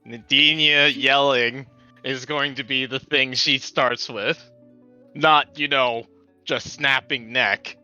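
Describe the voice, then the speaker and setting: A man's voice: medium pitch, steady tone, takes it slowly, sharp tone, clean tone, no room sound, faint music behind. A man playing a tabletop game, making dry, wry jokes. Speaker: player. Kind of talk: casual chat while playing. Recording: slightly dull audio.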